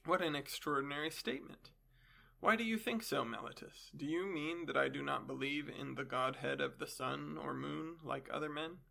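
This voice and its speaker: A man's voice: a little high, moderate pace, gravelly, bright, forceful tone, full character voice. A man voicing an elderly male philosopher on trial, questioning his accuser with dry irony. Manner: questioning, dryly ironic.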